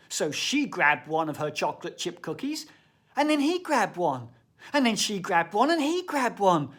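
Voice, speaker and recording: A man giving a reflective thought-for-the-day talk, telling stories expressively and sometimes dropping to a whisper. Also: high voice. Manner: slow, expressive storyteller, often drops to a whisper. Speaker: shamanic practitioner and storyteller.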